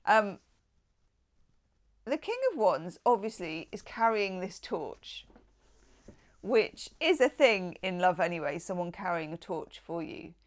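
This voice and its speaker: Slow, gushing tarot reader. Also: female voice, lowish voice, animated. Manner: slow, enthusiastic and affectionate, chatty asides. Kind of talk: casual tarot reading.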